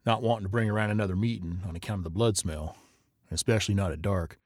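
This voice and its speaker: A man's voice: low voice, fairly even intonation, fast, darkish tone, no room sound, studio quality. Terrified frontier boy with a rural Old West drawl, breathless and frantic, put on by a male narrator. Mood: shaken, rambling.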